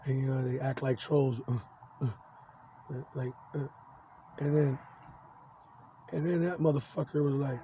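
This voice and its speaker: A man's voice: mid-range voice, level tone, dark tone, slight background noise, low-quality recording. A man in his forties talking in a rambling personal monologue, agitated and swearing constantly, stumbling over restarts. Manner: profane, agitated, halting with many restarts.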